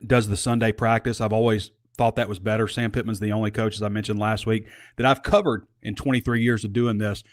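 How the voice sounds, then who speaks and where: A man's voice: lowish voice, steady tone, fairly quick, few pauses, no room sound, studio quality. A man hosting a casual sports talk show, talking in a conversational, rambling way with asides.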